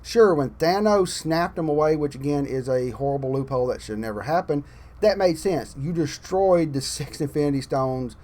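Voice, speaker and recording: A man delivers an exasperated, profanity-laced rant about a film. His voice sits a little high for a man, and he lurches between loud, emphatic complaints and low, grumbling asides, the way a hobby video commentator talks. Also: normal speed. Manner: animated, swings loud and soft. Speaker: channel host. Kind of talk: ranting movie commentary.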